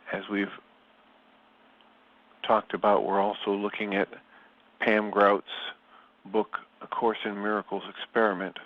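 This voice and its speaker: A man leading a spiritual study, reading passages and reflecting on them in a slow, measured and thoughtful way. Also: on the low side, no echo. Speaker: study group leader. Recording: slightly dull, lo-fi sound.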